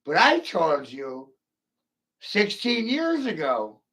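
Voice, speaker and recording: A man's voice: on the high side, wildly swooping pitch, takes it slowly, bright, forceful tone. A man delivering a rambling, profane, mocking solo rant to the camera.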